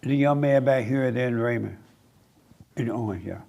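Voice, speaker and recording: A man leading a church question-and-answer session, brisk and teasing as he calls on people. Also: mid-range voice, vocal fry, a little mellow, lo-fi sound. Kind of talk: casual church discussion.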